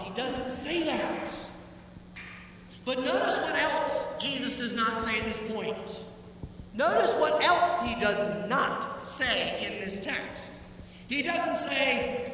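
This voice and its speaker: High, bright-voiced preaching man in an echoey church. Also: a little slow, slight background noise. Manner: animated preaching, acts out quoted voices. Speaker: pastor. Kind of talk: sermon. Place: church sanctuary. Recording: echoey church hall, heard from a distance.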